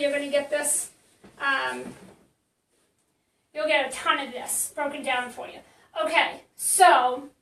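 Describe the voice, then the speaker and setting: A woman's voice: sits high, a bit bright, reverberant, recorded from a distance, poor audio. A woman marketing coach teaching in a casual live stream, chatty and blunt, with many fillers and restarts.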